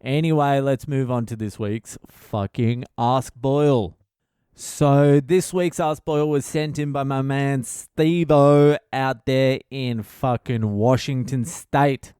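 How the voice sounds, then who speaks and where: A man's voice: medium pitch, fairly even intonation, takes it slowly, mellow, clean tone, no echo, studio quality. An Australian comedian in his thirties hosting a podcast, crude and profane, joking and laughing as he talks. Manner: crude, profane, swears constantly; laughs at his own jokes. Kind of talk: casual comedic monologue.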